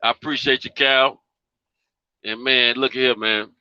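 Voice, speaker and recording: A man's voice: medium pitch, fairly even intonation, a little slow, sharp tone, smooth, dry recording, highs cut off. A man with a Southern accent hosting a casual live stream, talking in a drawling, folksy way full of slang. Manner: laid-back, drawling, folksy slang with frequent "you dig".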